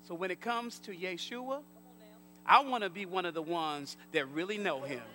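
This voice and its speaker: A man preaching a sermon as pastor, calling out to the congregation and rising to shouts. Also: high voice, moderate pace, noisy background.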